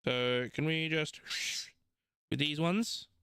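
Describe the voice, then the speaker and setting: A man's voice: a little high, slow, a bit bright, clean tone, no echo, voice pushed up. A man voicing a small, brusque halfling scribe who speaks bluntly. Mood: impatient. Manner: blunt, curt.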